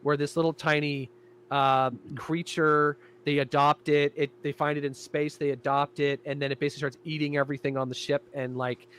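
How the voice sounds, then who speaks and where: A man in casual chat, telling a lively story about directing his show and acting out quoted lines. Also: a little high, brisk, smooth. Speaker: guest, creator and director of an audio show.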